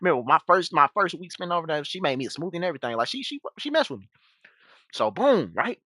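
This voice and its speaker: Brief: young guy streamer, storytelling to chat, restarts a lot, lively pitch, dry close sound. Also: quick pace, dry recording. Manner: rambling, full of restarts and asides.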